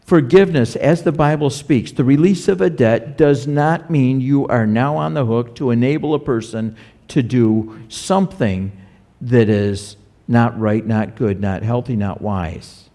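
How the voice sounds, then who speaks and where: A man's voice: medium pitch, a little slow, mellow. A man preaching a sermon as a pastor, talking conversationally and putting rhetorical questions to the congregation.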